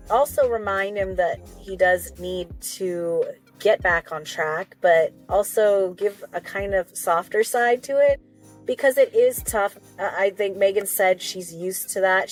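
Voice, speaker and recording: A woman's voice: medium pitch, unhurried, faint music behind. A woman hosting a reaction video, recapping an episode in a chatty, rambling way with little asides and apologies. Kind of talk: casual recap and commentary.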